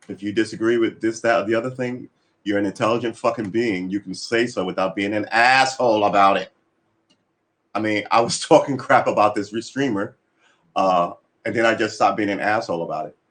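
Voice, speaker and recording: A man's voice: lowish voice, fairly bright tone. A man chatting casually on a livestream, rambling and swearing, acting out little quoted exchanges as he goes.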